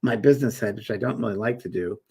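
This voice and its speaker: Gravelly, husky middle-aged man chatting. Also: lowish voice, fast talker, darkish tone. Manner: rambling, chatty, reads viewer comments aloud and answers them. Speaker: host and medium. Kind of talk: casual live-stream chat answering viewers.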